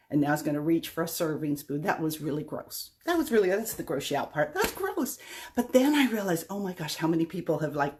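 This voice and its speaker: A middle-aged woman vlogs a personal story in a casual monologue, chatty, rambling, and self-deprecating. Her voice is low with a darkish tone.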